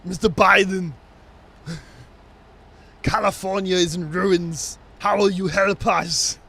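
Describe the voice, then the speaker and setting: A heavy Austrian-accented muscleman governor , as a man puts him on, pleading slowly. The voice is bright and a touch higher than normal. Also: fairly even intonation, creaky, slightly rough, full character voice. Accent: Austrian German put on. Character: gruff muscleman actor-governor impression.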